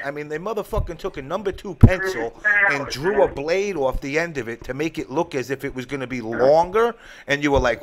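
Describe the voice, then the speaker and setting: A man's voice: fairly high pitch, fairly quick, crowd noise. Profane joking man in his forties. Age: 40s. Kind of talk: casual chat.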